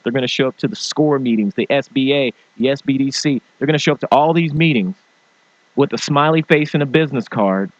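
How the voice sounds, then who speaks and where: A male host giving a lively motivational rant, now and then slipping into silly voices to mimic people. His voice sits at a middle pitch. The recording is dull and lo-fi, with no room sound. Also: dry recording. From small-town farming family. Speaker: show host. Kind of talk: motivational talk show rant.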